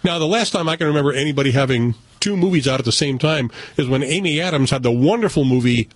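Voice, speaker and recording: A man's voice: medium pitch, fast, no echo. A man hosting a radio talk show, chatting casually and joking as he moves between segments. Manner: chatty, jokey, hosts the segments. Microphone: studio mic.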